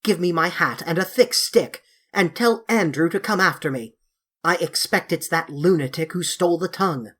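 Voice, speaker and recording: A woman's voice: lowish voice, normal speed, fairly bright tone, husky. A woman voicing a fussy, proper, easily alarmed middle-aged country vicar. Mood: flustered.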